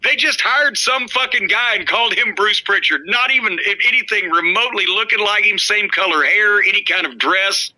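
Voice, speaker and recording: A man's voice: high voice, normal speed, few pauses, sharp tone, poor audio. A middle-aged man hosting a podcast, telling wrestling stories in a blunt, profane, mocking way. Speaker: podcast host, former wrestling worker. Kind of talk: casual storytelling chat.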